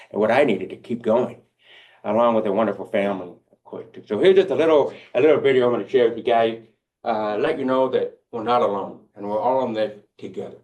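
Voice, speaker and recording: A man's voice: lowish voice, darkish tone. A man with a deaf accent giving a heartfelt, encouraging keynote speech, speaking directly to his audience.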